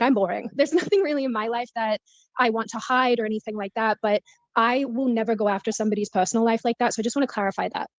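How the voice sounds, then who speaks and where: A woman's voice: a little high, dry recording. A woman with an Australian accent, earnestly clarifying her side in an interview. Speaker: guest in a video interview. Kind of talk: casual interview talk.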